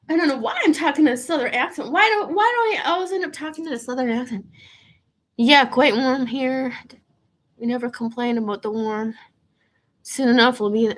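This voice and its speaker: A woman's voice: high-pitched, unhurried, pauses often. A woman in her thirties hosting a casual livestream, rambling and chatty, swearing freely and trailing off mid-sentence. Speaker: livestream host.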